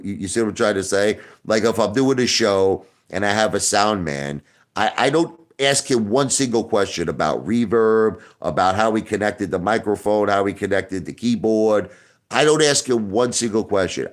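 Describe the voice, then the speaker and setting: A man hosting a casual online show, talking defensively to his viewers and stumbling over repeated words. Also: low voice. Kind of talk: casual livestream talk to viewers.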